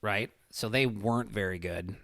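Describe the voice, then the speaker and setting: Guy rambling thru a story, lots of "you know", swears, lowish voice, dry close mic. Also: normal speed, gravelly, fairly bright tone, no echo. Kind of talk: casual storytelling chat.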